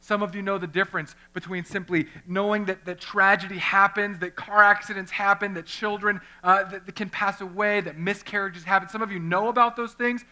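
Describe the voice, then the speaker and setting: A man, a pastor, preaching a lively sermon, talking straight to his congregation and acting out little scenes. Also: high-pitched, brisk, few pauses. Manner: conversational, addresses the congregation directly; animated, acts out little scenes.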